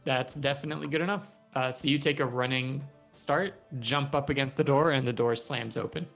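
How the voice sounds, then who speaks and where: A man narrating scenes as game master of a tabletop game, relaxed and full of ums. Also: medium pitch, a little fast, vocal fry, faint music behind. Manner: relaxed, with frequent ums while describing scenes.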